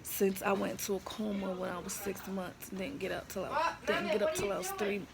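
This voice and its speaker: Gravelly-voiced woman vlogging from a hospital room. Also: medium pitch, moderate pace, over a noisy crowd. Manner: frank, emotional, blunt and slangy. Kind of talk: candid personal storytelling to camera. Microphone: handheld phone camera. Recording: noisy room ambience.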